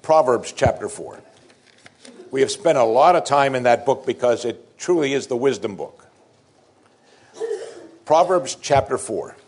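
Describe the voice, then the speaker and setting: A man's voice: mid-range voice, animated, measured pace, long pauses, a little mellow. A man preaching a sermon as pastor, emphatic, repeating key phrases with strong stress.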